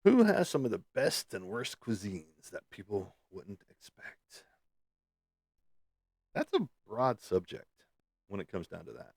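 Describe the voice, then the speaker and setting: Low-voiced rambling American man. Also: huge pitch swings, measured pace, pauses often, darkish tone, slightly rough, no echo, clean studio sound. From United States. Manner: rambling, lots of ums and uhs. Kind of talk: casual chat.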